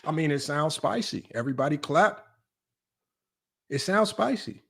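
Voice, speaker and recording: A man's voice: moderate pace, vocal fry, heavy background noise. A man hosting a casual sports livestream, teasing his chat, his voice jumping up in mock disbelief. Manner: animated, teasing, voice jumps high in mock disbelief. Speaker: livestream sports talk host.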